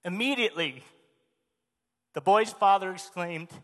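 A man's voice: high-pitched, unhurried, a bit bright. A man preaching a sermon in a church, speaking emphatically and asking the congregation questions. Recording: long hall reverb.

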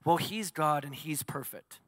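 Guy preaching a sermon, high bright voice, long hall reverb. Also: unhurried, studio quality. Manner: asks the congregation questions and answers them. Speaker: pastor.

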